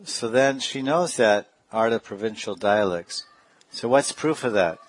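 A man's voice: on the low side, lively intonation, a little slow. A man giving a devotional discourse as a spiritual teacher, talking in a digressive way and chuckling often.

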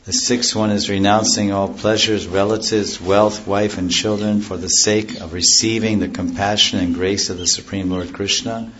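A man with a low voice gives a devotional lecture, looping through anecdotes before returning to scripture terms. The recording is dull and lo-fi, with a faint hiss of noise behind him. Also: flat delivery, normal speed, hardly any pauses, fairly bright tone. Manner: rambling, digresses into stories and loses the thread; explains chanted scripture terms in plain words. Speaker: spiritual teacher.

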